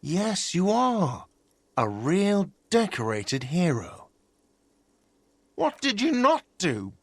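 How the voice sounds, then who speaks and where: Sarcastic cafeteria manager, lively pitch, dry recording. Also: male voice, slow pace, no echo, heavily acted. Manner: sarcastic, passive-aggressive. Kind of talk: video game voice acting.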